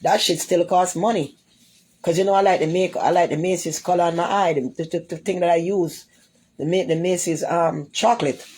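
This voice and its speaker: Talking live to her viewers, this Jamaican-accented livestreamer rants casually, repeating herself and answering commenters with blunt insults. She speaks a little fast in a lowish, steady voice with a darkish tone and a breathy edge.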